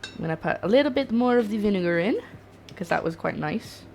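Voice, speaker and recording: A woman's voice: mid-range voice, animated, brisk, vocal fry, a little mellow, a little hiss or hum. A young woman streaming herself cooking, chatting and rambling to her viewers while she works in her home kitchen. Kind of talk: live-stream cooking chat. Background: faint background music.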